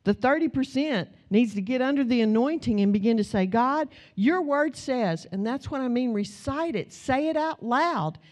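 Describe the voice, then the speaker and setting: A middle-aged American woman delivers a sermon, telling stories conversationally before building to forceful, repeated declarations. Her voice is fairly high, animated, and darkish in tone, moving at normal speed with hardly any pauses.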